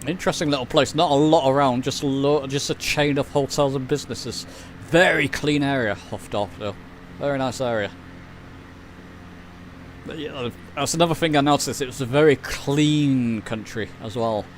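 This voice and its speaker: A man's voice: mid-range voice, normal speed, slight background noise. A man chatting casually while streaming a flight simulator, rambling and reading chat aloud. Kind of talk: casual live-stream commentary.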